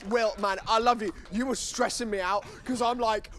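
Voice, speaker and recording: A man's voice: very high-pitched, steady tone, normal speed, a crowd in the background. A young man compering a student stand-up show, rambling, teasing and mocking himself. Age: young adult. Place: student comedy stage before a live audience.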